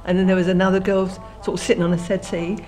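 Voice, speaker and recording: A woman's voice: on the low side, level tone, racing, darkish tone. A woman, telling her life story in an oral history interview and often restarting her words as she remembers. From London. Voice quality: frequent restarts and repeated words while remembering.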